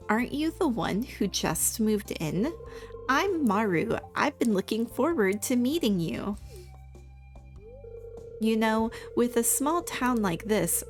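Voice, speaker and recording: A woman reading aloud the eager, excited lines of a curious young townswoman. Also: fairly high pitch, a little slow, soft background music.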